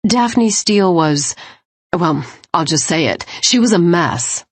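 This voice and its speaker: A woman's voice: on the low side, animated, takes it slowly, no echo. A female narrator voicing a frank woman who hesitates before speaking plainly. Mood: candid.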